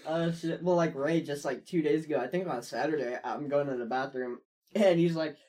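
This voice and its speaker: A young man in casual chat, excitable and swearing, laughing through his work stories. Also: on the high side, fairly quick.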